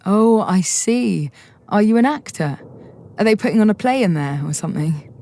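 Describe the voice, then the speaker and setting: A woman's voice: mid-range voice, animated, normal speed, warm tone, slight background noise, voice pushed up, close to an everyday voice. A woman reading the part of a nervous, eager young man who stumbles over his words.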